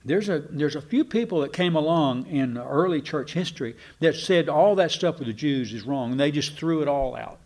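A man giving a folksy, digressive Bible teaching to a congregation, slowing down to stress key words. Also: a little high, lively intonation, darkish tone. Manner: folksy and digressive, slows down for emphasis. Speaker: preacher.

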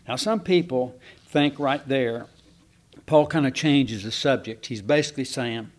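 A man's voice: mid-range voice, measured pace. A man preaching a conversational sermon, folksy and chatty, asking the congregation questions and restarting his sentences. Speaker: pastor.

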